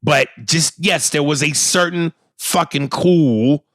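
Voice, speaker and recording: A man co-hosting a podcast in casual chat, animated and swearing freely. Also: on the high side, slow pace, no room sound, studio quality. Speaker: podcast co-host.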